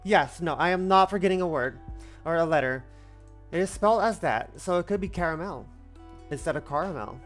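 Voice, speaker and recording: A woman's voice: lowish voice, a little fast, faint music behind. Chatty rambling woman streamer. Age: 20s. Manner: chatty and rambling, repeats herself playfully. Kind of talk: casual let's-play chat.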